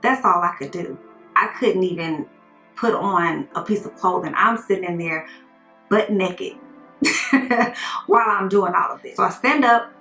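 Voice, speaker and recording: A woman telling a personal story in a casual storytime monologue, earnest and animated as she retells what was said. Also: mid-range voice, measured pace, long pauses, reverberant, soft background music, poor audio.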